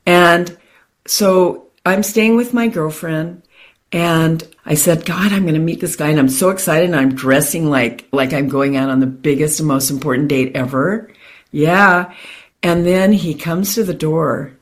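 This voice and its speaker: A woman guest on an interview, telling a personal story in an animated way, with frequent restarts and acted-out quotes. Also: low voice, measured pace.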